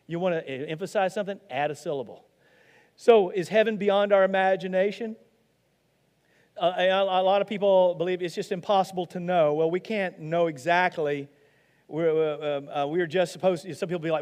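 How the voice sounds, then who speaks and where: A man's voice: sits high, brisk, a little mellow, long reverb tail. A man from Arkansas, preaching an earnest, conversational sermon with many restarts. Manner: earnest and conversational, with many restarts and rising emphasis on key lines. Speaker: pastor.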